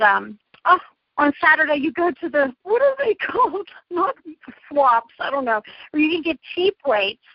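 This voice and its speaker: High-voiced effusive middle-aged woman. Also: no echo. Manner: chatty, effusive, gushing. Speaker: guest. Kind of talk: casual interview chat. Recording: dull lo-fi dry line.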